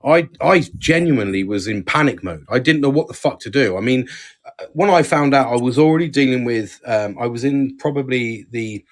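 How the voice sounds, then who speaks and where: A man's voice: medium pitch, normal speed. An English man on a live chat show, talking supportively and repeating words as he thinks. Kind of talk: casual chat.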